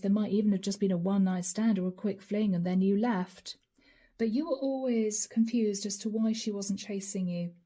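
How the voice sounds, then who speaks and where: A hoarse tarot reader with a medium-pitched, dark-toned voice gives a channeled reading, musing aloud and addressing viewers directly by star-sign nicknames.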